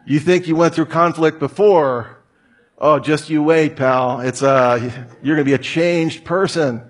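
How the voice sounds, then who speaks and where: Man, husky voice, humorous lecture, rhetorical questions, jokey asides. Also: fairly high pitch, measured pace. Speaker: speaker giving a talk.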